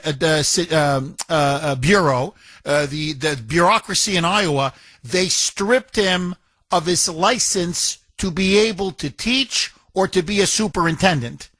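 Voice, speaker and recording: Mocking high-voiced male talk radio host. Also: bright, forceful tone, no room sound. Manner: mocking, indignant, mimics others in a whiny voice. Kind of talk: opinionated talk radio monologue.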